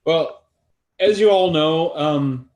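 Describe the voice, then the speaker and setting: A man, a trivia contestant, chatting casually with a dry, halting delivery. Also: a little high, darkish tone. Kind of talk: casual chat.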